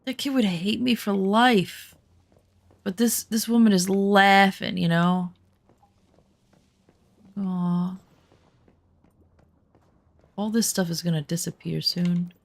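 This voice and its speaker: A woman's voice: mid-range voice, fairly even intonation, slow, gravelly, long pauses, no echo. A woman gamer chatting casually while she plays, rambling through stories and murmuring to herself. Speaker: gaming streamer. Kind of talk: casual chat while gaming.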